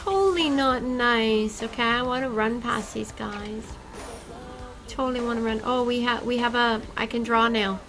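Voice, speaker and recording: A woman chatting casually and excitably with her viewers while she plays a game on a livestream. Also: a little high, moderate pace, music in the background, low-quality recording. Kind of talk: casual gaming livestream chat.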